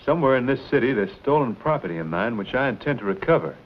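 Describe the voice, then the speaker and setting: An actor playing a bold frontier adventurer with a wry, plainspoken way of talking, in a 1950s TV western drama. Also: male voice, mid-range voice, animated, fast, close to an everyday voice. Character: bold frontier adventurer hero, dry wit. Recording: dull old TV soundtrack with faint hiss.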